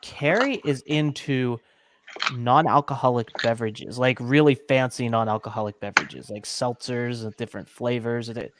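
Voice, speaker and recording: A man's voice: mid-range voice, fairly even intonation, normal speed, heavy background noise. A man hosting a casual live-streamed cooking chat, upbeat and talkative, reading out viewers' comments as he goes. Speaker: host.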